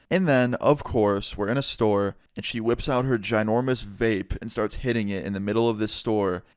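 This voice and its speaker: A young man casually telling a story, swearing often and retelling it in an animated way. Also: fairly low pitch, clean tone, no echo, clean studio sound. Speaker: vlogger. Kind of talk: storytime vlog.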